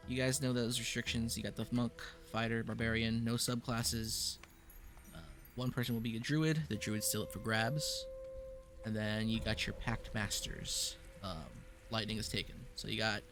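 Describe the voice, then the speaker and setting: A man's voice: mid-range voice, normal speed, soft background music. Laid-back male game master. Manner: relaxed, joking, reads lore aloud. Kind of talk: running a casual tabletop session zero.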